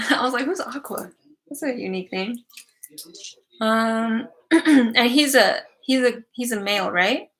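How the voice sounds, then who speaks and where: A woman's voice: on the high side, a little slow, pauses often. A young woman giving psychic readings on a live stream, chatty and giggly with many fillers.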